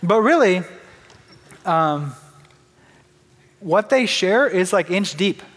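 A man's voice: sits high, lively intonation, takes it slowly, a bit bright, long reverb tail. A young man sharing a candid, conversational personal testimony in church, often restarting his sentences. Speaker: church member giving testimony.

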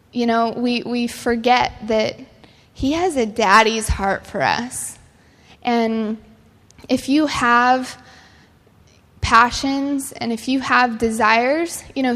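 Young woman, sermon-style talk, higher voice, earnest storytelling, long hall reverb. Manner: earnest storytelling with casual fillers. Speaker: speaker.

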